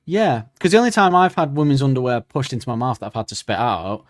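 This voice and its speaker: A man's voice: mid-range voice, big pitch swings, fast talker, no room sound, studio quality. Rambling crude man. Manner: crude, rambling, laughs often. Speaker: podcast co-host. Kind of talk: casual comedic chat.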